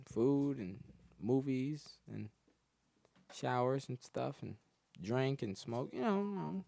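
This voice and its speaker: A young man telling crude, bragging stories, loose and slangy. His voice sits in a middle pitch. It is recorded close and dry, with little room sound. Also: lively intonation, moderate pace, creaky, warm tone, no room sound. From Atlanta area, Georgia. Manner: profane, boastful, slangy, laughs at his own stories. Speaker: comedian guest. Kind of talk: crude storytelling.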